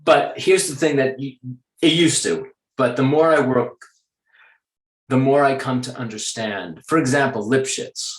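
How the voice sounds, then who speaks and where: A man talks in a relaxed interview, measured and sure of himself. His voice sits at an ordinary middle pitch. The room gives it a noticeable echo. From United States. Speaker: actor, interview guest. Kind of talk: casual interview conversation.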